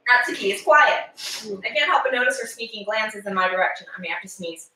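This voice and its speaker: A woman's voice: medium pitch, animated, fast talker, sharp tone. A woman streamer reading game narration aloud with giggly, sarcastic asides, recorded far from the mic in an echoey room.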